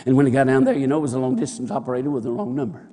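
A man's voice: medium pitch, expressive, racing, dark tone. Folksy preacher man in a reverberant hall. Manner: folksy, repetitive "and he said" anecdotes. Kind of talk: sermon storytelling.

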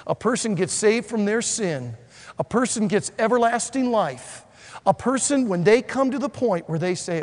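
A man preaching a sermon to ministry students, animated and acting out the dialogue of Bible figures. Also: high voice, moderate pace, long reverb tail.

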